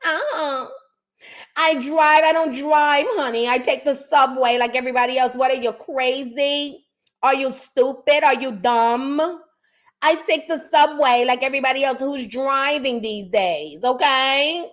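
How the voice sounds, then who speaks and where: A woman doing an impression of a chatty New York lady with a whiny, drawn-out manner. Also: a little high, vocal fry, pushed and bright, heavily acted. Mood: mock-chatty.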